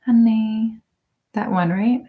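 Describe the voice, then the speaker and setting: A woman hosting an ASMR live stream in casual chat with her viewers. She is soft-spoken, often drifts into whispers and laughs a lot. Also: fairly high pitch, steady tone, takes it slowly, narrow, tinny audio. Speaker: ASMR channel host.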